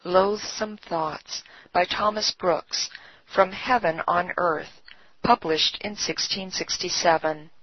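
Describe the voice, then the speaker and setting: A woman giving a scripted devotional reading with measured, deliberate phrasing, on a dull, slightly lo-fi recording. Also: fairly low pitch, breathy edge, no echo. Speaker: devotional reader.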